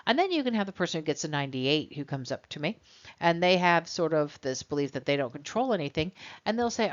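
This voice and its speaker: A woman's voice: sits low, big pitch swings, fast. A woman instructor giving a recorded college lecture in a conversational way and acting out exchanges with students. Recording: dull lo-fi recording.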